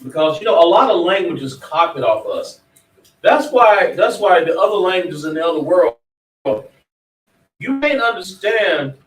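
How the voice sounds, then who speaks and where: A man teaches a class with a preacher's emphasis, firing questions at his students. His voice sits a little high. He sounds distant from the mic in a roomy, echoing space. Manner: emphatic, quizzes students directly. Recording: echoey room, mic far off.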